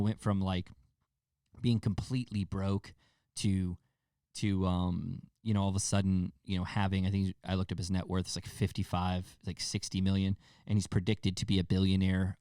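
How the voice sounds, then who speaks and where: A man hosting a casual solo podcast, talking in a rambling, loose way full of fillers and offhand swearing. His voice sits on the low side. The sound is dry and close, with no room echo. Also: darkish tone. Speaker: podcast host.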